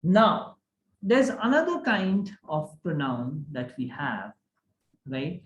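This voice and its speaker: A man's voice: a little high, takes it slowly, highs cut off. A man teaching a grammar class online, often checking that the class follows. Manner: animated, asks the class many checking questions. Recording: echoey room.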